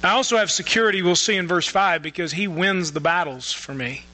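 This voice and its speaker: A man's voice: high-pitched, a little fast, bright, forceful tone, poor audio. A man preaching a sermon as pastor, earnest and often restarting his phrases.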